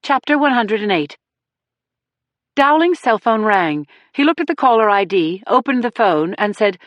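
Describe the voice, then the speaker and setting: A woman narrating a first-person crime thriller audiobook in a dramatic, measured reading. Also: fairly high pitch, sing-song, no echo, muffled recording.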